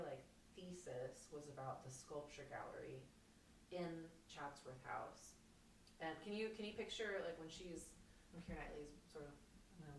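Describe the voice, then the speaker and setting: A woman with a very low voice, chatting as a podcast guest and telling stories in an animated, rambling way full of restarts. She sounds roomy and far from the mic, with faint kitchen ambience behind her. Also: a little hiss or hum. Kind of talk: casual chat, storytelling. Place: home kitchen.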